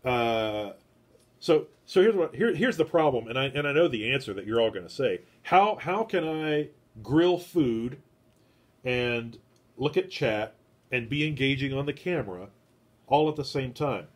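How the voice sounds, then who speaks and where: A man with a stuffy nose hosts a loose live stream from his garage shed. He wanders from one thought to the next, fills his pauses with "uh", and talks straight to his viewers. His pitch sits in an ordinary middle range. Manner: meandering, heavy on "uh" fillers, chats with viewers. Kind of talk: rambling casual live-stream chat.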